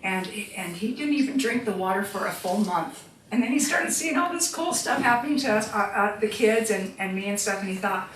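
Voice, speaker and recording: A woman's voice: mid-range voice, lively intonation, a little fast, fairly bright tone. A woman giving a live product demonstration, upbeat and coaxing as she talks straight to the audience. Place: indoor room with audience. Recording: echoey room, distant mic, faint noise.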